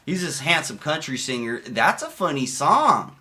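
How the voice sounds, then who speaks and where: A man riffing over a video in a bright, forceful voice, swearing freely and wandering off into stories. He laughs his way through the telling, his talk loose and casual. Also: a little high, big pitch swings, normal speed. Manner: profane, laughing, loose storytelling. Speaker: streamer commenting on a video. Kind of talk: casual, rambling commentary.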